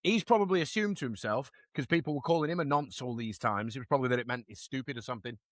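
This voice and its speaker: A man co-hosting a podcast, chatting in a jokey, animated way. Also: medium pitch, fast, no room sound, studio quality. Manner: animated, loud laughing, jokey. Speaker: podcast co-host. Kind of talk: casual chat.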